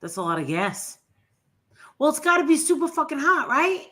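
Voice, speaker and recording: A brash co-host with a New Jersey accent, her voice sitting high and ringing. She talks bluntly and loudly, cursing without a second thought. It is a loose, casual chat. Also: big pitch swings, moderate pace. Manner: loud, blunt, swears freely.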